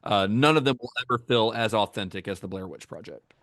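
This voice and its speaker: A man's voice: fairly low pitch, brisk, a bit bright, no echo, studio quality. A man co-hosting a podcast, talking about films in a casual, enthusiastic way, with many fillers and restarts. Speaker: podcast co-host. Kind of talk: casual film discussion.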